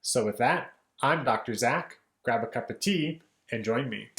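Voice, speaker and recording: A man teaching a casual lesson on song lyrics, relaxed and explanatory, often asking "right?" and speaking lines in rhythm. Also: medium pitch, measured pace, roomy sound, faint music behind. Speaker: music educator.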